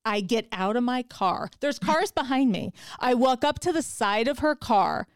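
A woman's voice: a little high, animated, moderate pace, dry recording, studio quality. A woman hosting a podcast in casual chat, telling stories with animation and acting out her own quotes. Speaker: podcast host.

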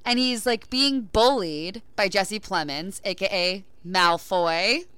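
A young woman co-hosting a podcast retells a movie plot in casual chat, animatedly acting out the characters' lines and saying "like" a lot. Her voice is medium-pitched, clear and resonant, and she speaks slowly. The recording is dry.

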